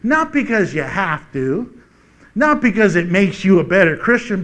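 High-voiced animated male preacher. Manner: animated storytelling with playful sound effects; slows down for scripture reading. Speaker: pastor. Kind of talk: sermon.

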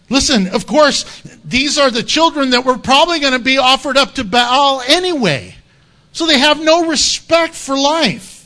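A man's voice: very high voice, pushed and bright. A man preaching an expository sermon in an impassioned, emphatic, conversational way.

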